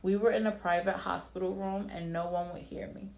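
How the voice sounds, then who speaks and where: A woman narrating a dramatic first-person story in a plain, steady way. Her voice sits on the low side. It has a creaky, vocal-fry texture throughout. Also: brisk.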